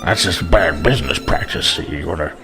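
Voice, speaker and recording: A man putting on a greedy alien barfly who talks in a slick salesman's patter, his voice very deep and swinging wildly up and down. A fiddle plays behind him. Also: huge pitch swings, over music, full character voice. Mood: wheedling. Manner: fast-talking salesman patter. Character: pushy male alien bar trader, money-obsessed.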